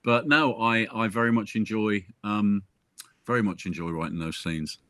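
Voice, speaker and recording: A man's voice: fairly low pitch, fairly even intonation, normal speed, pushed and bright, no echo, clean studio sound. A man, a crime novelist, chatting casually on a video call, jokey and full of anecdotes. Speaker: crime novelist discussing his book.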